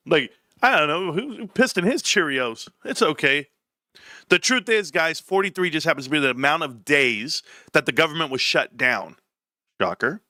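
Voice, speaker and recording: A man's voice: fairly high pitch, animated, moderate pace, bright, forceful tone, no echo, clean studio sound. A man in his forties hosting a casual livestream rant, joking and mocking with frequent laughs. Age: 40s. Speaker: livestream host.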